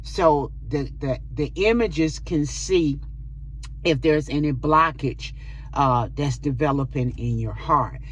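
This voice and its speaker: A middle-aged woman recounting her own experience for her vlog audience. She talks in a lively, dramatic way, with plenty of exclamations as the story builds. There is a faint hum of room ambience behind her. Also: low-pitched, takes it slowly. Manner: animated retelling with dramatic exclamations. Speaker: vlogger.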